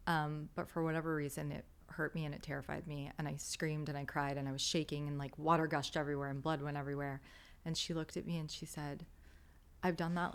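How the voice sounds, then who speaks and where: A woman's voice: low voice, flat delivery, fast talker, clear, resonant tone. A woman in her thirties, a podcast guest, telling a candid, emotional story with many fillers.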